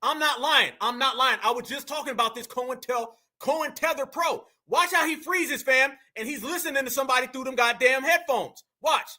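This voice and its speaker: Brash, bright, high-voiced man taunting. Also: fairly quick, hardly any pauses. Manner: brash, taunting, slangy, bursts into shouts. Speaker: reaction commentator. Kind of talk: mocking reaction commentary.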